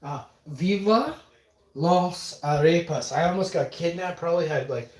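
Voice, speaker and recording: A man livestreams a long, rambling monologue of anecdotes, swearing and trailing off mid-sentence. His fairly high voice is expressive and unhurried, with a roomy echo around it.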